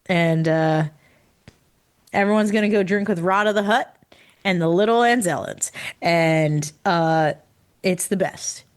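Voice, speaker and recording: Woman chatting excitedly, tired, low-ish voice. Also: clear, resonant tone. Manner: excited, laughs often, puts on quick character voices. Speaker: podcast co-host. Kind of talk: casual chat.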